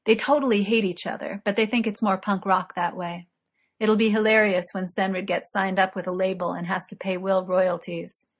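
A cheerful young man, an artist who chatters on with quick eagerness in a storybook reading, as a woman narrator puts him on. His voice sits at a middling pitch. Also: flat delivery, lightly acted. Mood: chatty.

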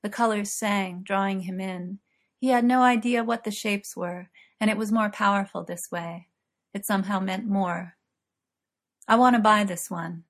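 A woman's voice: medium pitch, steady tone, normal speed. Woman reading a story aloud. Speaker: narrator.

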